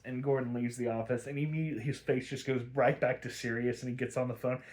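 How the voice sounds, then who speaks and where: A man's voice: medium pitch, fairly even intonation, fast, few pauses, darkish tone. Young man, podcast host, casual recap, rambling, profane, laughs often.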